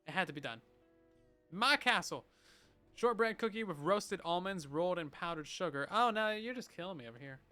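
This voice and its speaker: Over a game stream, an animated young livestreamer with a bright, clear, high voice that rises and falls a lot reads viewer messages at normal speed. He answers them playfully and chattily from his home setup while light music plays softly behind.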